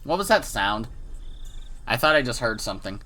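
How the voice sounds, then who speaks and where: Bright-voiced man reading a visual novel aloud. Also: medium pitch, big pitch swings, normal speed. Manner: dramatic reading with profane asides and stumbles. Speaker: let's play host.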